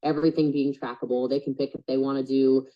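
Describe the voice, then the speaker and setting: Woman business coach, low voice, casual and blunt, muffled video-call sound. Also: little pitch movement, quick pace. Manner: chatty and blunt, lots of fillers. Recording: dull lo-fi call audio.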